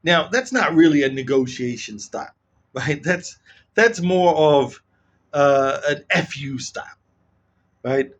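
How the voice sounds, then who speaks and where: Man, casual commentary, animated, keeps asking "right?", lively pitch. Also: slow pace, muffled recording.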